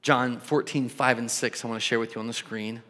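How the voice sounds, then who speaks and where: A man preaching a sermon and leading prayer as pastor, emphatic, with dramatic pauses. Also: medium pitch, fairly even intonation, pushed and bright. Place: church sanctuary. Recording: long reverb of a large hall.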